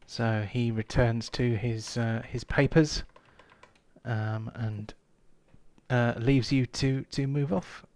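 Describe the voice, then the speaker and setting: A man narrating as game master in a tabletop game, halting with frequent ums. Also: medium pitch, fairly even intonation, darkish tone, no echo. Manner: hesitant, many ums.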